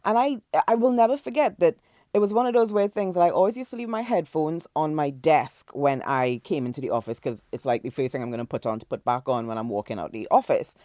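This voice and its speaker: A woman from Trinidad and Tobago hosting a podcast, telling a story in a lively, animated way. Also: low-pitched, quick pace, no echo, clean studio sound. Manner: animated storyteller, acts out quoted voices, laughs often. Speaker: podcast host. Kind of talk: casual interview chat.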